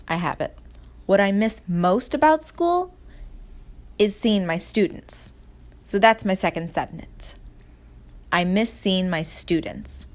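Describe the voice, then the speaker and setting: A woman teaching a speech and language lesson to her students, explaining slowly and clearly with example sentences. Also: medium pitch.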